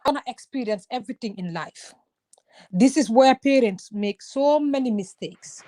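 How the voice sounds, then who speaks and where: A woman in her thirties talking in a casual, animated way, now and then slipping in short Wolof phrases. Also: a little high, moderate pace. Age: 30s. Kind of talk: casual conversation.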